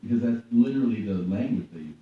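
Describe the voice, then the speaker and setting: A man hosting a podcast, chatting casually and telling animated, profane stories. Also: lowish voice, fast. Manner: animated storyteller, swearing, acting out quotes. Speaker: podcast host. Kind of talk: casual chat. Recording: echoey room from far off, dull lo-fi.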